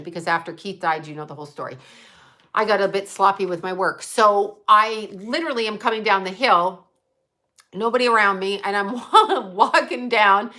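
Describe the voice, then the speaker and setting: Middle-aged woman, bright voice, loose rambling talker, frequent laughs and swearing. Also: medium pitch. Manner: chatty, digressive, laughs often, swears. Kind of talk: casual rambling chat.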